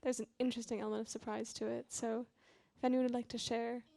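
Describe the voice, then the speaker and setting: A woman's voice: on the high side, level tone, fast, vocal fry, mellow. A woman moderating a library seminar who invites the audience to share their thoughts. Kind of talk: moderating a live talk. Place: library event room with live audience.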